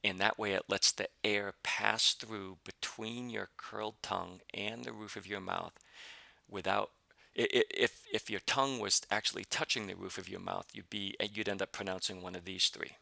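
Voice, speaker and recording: Deep creaky-voiced male language teacher. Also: fairly even intonation, sharp tone, no echo. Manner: patient, explains step by step with many fillers; repeats example syllables slowly. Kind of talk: pronunciation lesson.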